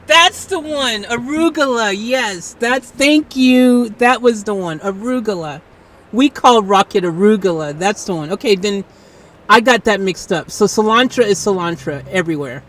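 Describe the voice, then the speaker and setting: A woman's voice: medium pitch, recorded from a distance, poor audio. A woman from the United States hosting a live stream, chatting casually and playfully with an AI. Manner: playful, chatty, quick to laugh. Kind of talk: casual chat with an AI.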